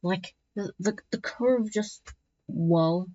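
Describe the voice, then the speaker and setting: Slow, rambling woman narrating a map. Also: medium pitch, dark tone, no echo. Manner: rambling, many restarts, jokey asides. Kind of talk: casual commentary narration. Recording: dull lo-fi recording.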